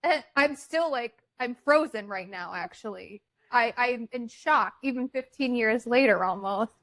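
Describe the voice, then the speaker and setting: Dry, higher-voiced chatty woman. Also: measured pace, dry recording. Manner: expressive, interjects often. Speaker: podcast co-host. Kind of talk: casual storytelling chat.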